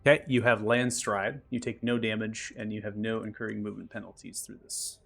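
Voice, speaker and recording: A man acting as game master, calmly narrating the action and explaining rules step by step. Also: fairly low pitch, fairly quick, vocal fry, soft background music. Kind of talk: narrating and ruling a tabletop game.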